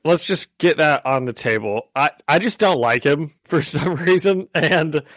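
A man's voice: a little high, animated, unhurried, fairly bright tone, no echo, studio quality. A man co-hosting a comic podcast who gives blunt opinions and laughs easily. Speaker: podcast co-host. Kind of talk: casual comic book chat.

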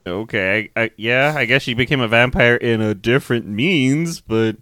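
A man's voice: mid-range voice, normal speed, dry recording. A man co-hosting a casual movie review podcast, laughing and swearing as he retells scenes. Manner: laughing, profane, animated storytelling. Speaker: podcast co-host.

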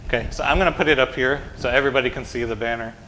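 In a church sanctuary, a pastor with an American accent talks rapid-fire through a children's sermon, sharp-toned and mid-range, asking the kids questions and adding "right?" to each point. The low-quality recording carries a little hiss or hum.

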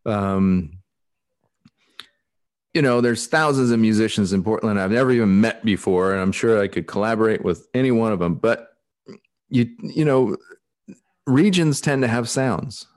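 A man's voice: lowish voice, moderate pace, pauses often, dry recording, studio quality. A man from Alaska with a Pacific Northwest accent, hosting a podcast over a video call in a rambling, casual way, with lots of restarts. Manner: rambling, with many restarts and easy laughs. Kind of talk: casual chat.

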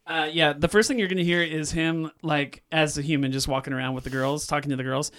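Chatty podcast co-host, smooth voice. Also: male voice, on the high side, steady tone, fast talker, a bit bright. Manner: eager, chatty, hedging with "like". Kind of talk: casual chat.

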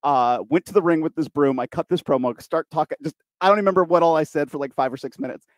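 A man's voice: a little high, fast talker, no echo, studio quality. Rambling man recounting wrestling days. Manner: rambling, restarts, voices others in quotes. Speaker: podcast host, wrestling commentator. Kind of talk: casual storytelling chat.

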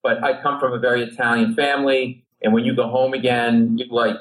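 A man's voice: medium pitch, brisk, rough recording. A middle-aged man from Rhode Island, a comedian guest telling a long story on a talk show and acting out the people in it. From Rhode Island, USA. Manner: lively anecdote teller who acts out other people's voices.

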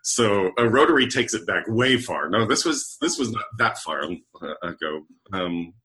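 A middle-aged man with a fairly low voice tells a personal story in an easy conversational way. He slips into the voices of the people in his story as he goes. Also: normal speed. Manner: animated storyteller who acts out quoted dialogue. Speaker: podcast guest, leadership coach.

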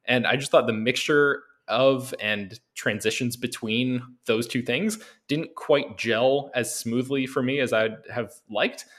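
A man from the American South hosting a casual film podcast, talking with many pauses and restarts. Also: mid-range voice, fairly bright tone. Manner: hesitant, many ums and restarts. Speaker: podcast host.

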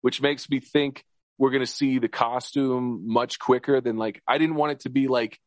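A man chatting as a podcast co-host, rushing from thought to thought and restarting his sentences as he gets excited. His voice sits at an ordinary middle pitch, and the recording is close and dry with no room sound. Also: dry recording. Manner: excited, rambling, fast with restarts and laughs. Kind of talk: casual chat.

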